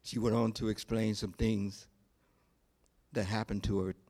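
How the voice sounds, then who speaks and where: A male pastor preaching a sermon, telling a story in a slow, deliberate way with pauses. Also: fairly low pitch, little pitch movement, a little mellow.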